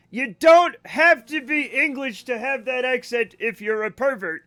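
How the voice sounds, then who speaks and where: A man's voice: extremely high pitch, measured pace, pushed and bright. A man livestreaming a game and telling rambling stories in a casual chat, often laughing and correcting himself. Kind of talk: casual storytelling while gaming.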